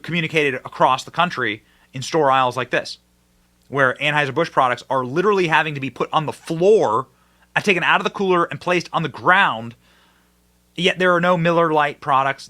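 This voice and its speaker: A male host giving online political commentary, emphatic and mocking, with big swings in pitch and loudness. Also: a little fast.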